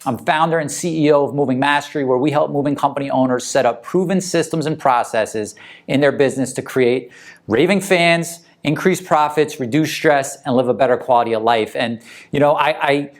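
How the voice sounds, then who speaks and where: A man with a mid-range voice and brisk delivery gives a casual motivational talk coaching moving company owners. He speaks conversationally, frequently checking in with the listener through tag questions.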